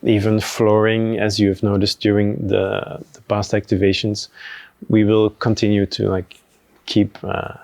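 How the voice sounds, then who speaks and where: A man talking casually on a podcast about running a venue, relaxed and hesitant with many fillers. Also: lowish voice, measured pace, vocal fry, no room sound. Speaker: venue team member.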